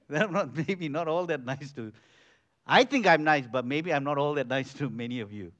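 Middle-aged male pastor, slightly high voice, animated conversational sermon with restarts. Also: muffled recording. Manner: lively, conversational preaching with repeated restarts. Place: church.

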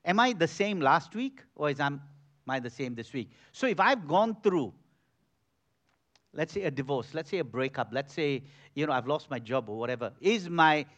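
Lively, animated male pastor preaching. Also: fairly high pitch. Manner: lively, conversational preaching with repeated restarts. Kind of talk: sermon. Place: church.

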